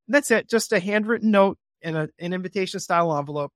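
A man being interviewed on a podcast about real estate investing, talking in an animated way and acting out his phone calls in a cheerful voice. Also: sits high, quick pace, few pauses, no room sound, studio quality.

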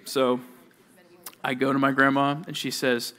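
A male youth pastor preaching to junior high students, telling stories with animation and talking straight to his listeners. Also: measured pace, long pauses. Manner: animated storytelling, addresses listeners directly.

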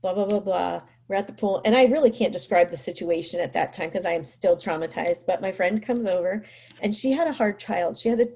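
A mother with a medium-pitched voice tells her own story at a brisk clip, in a casual manner. She's lively, acting out people's words, and keeps using fillers such as "like" and "you know."

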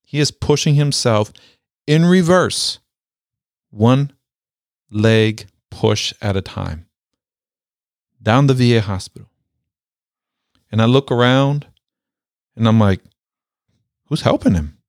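A man telling a personal story with a military background, speaking emphatically, repeating key phrases and slowing down to stress them. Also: medium pitch, dry recording, clean studio sound. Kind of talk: motivational storytelling.

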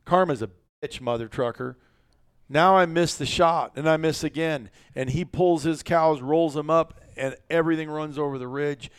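A man hosting a casual podcast, telling a story in a blunt, profane, animated way. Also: fairly high pitch, moderate pace, smooth, dry recording, studio quality. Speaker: podcast host.

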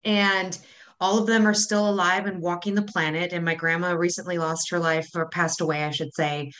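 Wisconsin lady cohosting a podcast, bright voice, chatty, laughs a lot. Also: on the low side, level tone, moderate pace. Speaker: podcast co-host. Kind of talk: casual chat.

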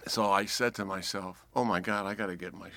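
Older man, New York accent, lively storyteller, lowish voice, forceful bright tone. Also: fairly quick, creaky. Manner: lively storyteller who acts out quoted voices. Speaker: guest, four-star general. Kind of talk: anecdotal storytelling.

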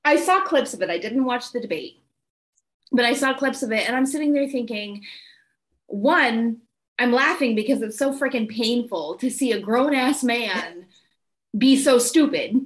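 A woman's voice: on the high side, expressive, normal speed. A woman co-hosting a casual panel podcast, blunt and exasperated in her commentary. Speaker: podcast co-host.

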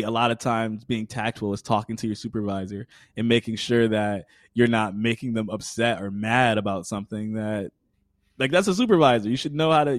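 A young man in his twenties speaks as a podcast guest. He sits at a mid pitch and talks earnestly, working through his point with everyday examples. The sound is close and dry. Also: no echo. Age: 20s. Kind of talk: conversational interview.

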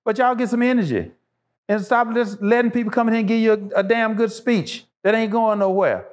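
A man's voice: high voice, steady tone, a little fast. A man, a show guest, talking passionately and emphatically, repeating phrases to drive his points home. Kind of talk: impassioned casual talk.

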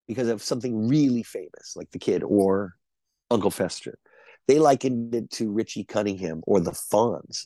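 Low-voiced man telling rambling stories. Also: dark tone, no room sound. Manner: rambling anecdotes with fillers and restarts. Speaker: actor guest. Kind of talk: casual interview chat.

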